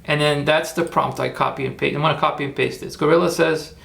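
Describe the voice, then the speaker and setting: A man's voice: a little high, flat delivery, moderate pace, gravelly, a bit bright. A man hosting a casual livestream, chatty and rambling as he talks viewers through his steps and cheers them on. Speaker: livestream host.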